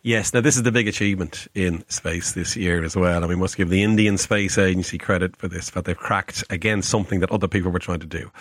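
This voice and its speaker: A low-voiced, middle-aged man who talks at a rapid clip and stammers over repeated words in his excitement. He explains science to a radio host with eager energy. His voice is recorded dry and close. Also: dry recording. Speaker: scientist guest.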